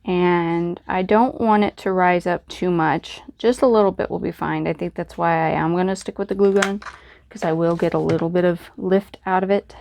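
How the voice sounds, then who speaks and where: A woman's voice: fairly low pitch, steady tone, normal speed, vocal fry, darkish tone. A woman hosting a crafting video, chatting casually and thinking aloud as she works. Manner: chatty, self-deprecating, thinks aloud while working. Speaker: crafting channel host. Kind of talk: casual crafting tutorial voice-over.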